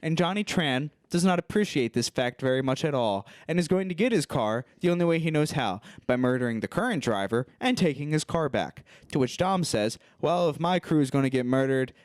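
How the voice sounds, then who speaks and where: A man's voice: a little high, animated, fairly quick, few pauses, dry recording, studio quality. A young man co-hosting a podcast, casually recapping a movie with jokes and mocking quotes of the characters. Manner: joking, acts out movie characters in mocking voices. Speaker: podcast co-host.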